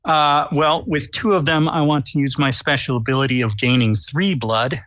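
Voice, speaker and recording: A man playing a tabletop game, describing his vampire's actions in a deliberate, wry way. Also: a little high, steady tone, fairly bright tone, no echo. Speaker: player.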